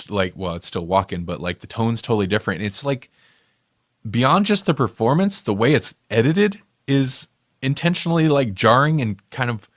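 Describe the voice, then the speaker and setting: A man's voice: medium pitch, fairly bright tone, dry recording, studio quality. A man co-hosting a podcast, chatting casually about a film, rambling and correcting himself as he goes. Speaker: podcast co-host. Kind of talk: casual movie review chat.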